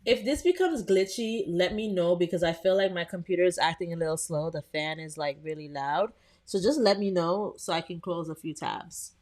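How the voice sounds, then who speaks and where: A woman hosting a live software tutorial, talking casually to her viewers with frequent "um" and "like" as she works. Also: fairly low pitch, normal speed. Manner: chatty, addresses viewers as "you guys", frequent "um" and "like". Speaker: host.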